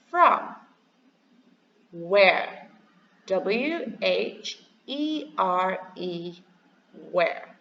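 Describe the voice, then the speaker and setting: A woman teacher slowly giving a review lesson to young pupils, spelling each word letter by letter and asking them to repeat. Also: medium pitch, sharp tone, muffled recording. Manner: slow, clearly spelled out, letter by letter; encouraging, asks to repeat words. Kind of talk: recorded classroom review lesson. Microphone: computer microphone over slides.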